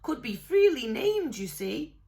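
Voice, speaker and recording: A woman reading a storybook aloud, voicing a small, loyal house-elf in a very high, shrill, squeaky voice. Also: sing-song, measured pace, mellow, heavily acted. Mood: earnest. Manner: earnest, emphatic, speaks of himself by name.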